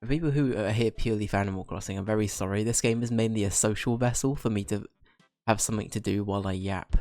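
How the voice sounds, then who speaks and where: Casting note: low-voiced male streamer, stuffy and congested, chatty and rambling, dry mic with faint music. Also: quick pace, darkish tone, no room sound. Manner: chatty, rambling, addressing chat by name. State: congested, slightly ill. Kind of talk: casual stream chat.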